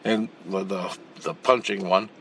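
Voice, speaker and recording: With a deep voice, a slightly slow pace, and vocal fry, a channel host narrates a lengthy spirit-world dream, casual and rambling, cursing bluntly and stumbling into restarts and repeated words. He animatedly acts out the action, and there's a little hiss or hum.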